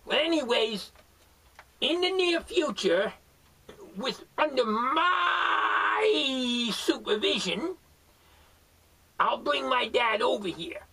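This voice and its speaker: A rude, bossy hillbilly grouch, as a man puts him on for a homemade comedy bit. The high, gravelly voice swings wildly, and he drags out his words while barking insults. It is heard from well back from the mic. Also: expressive, slow pace, long pauses, sharp tone, exaggerated voice. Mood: threatening. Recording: voice far from the mic.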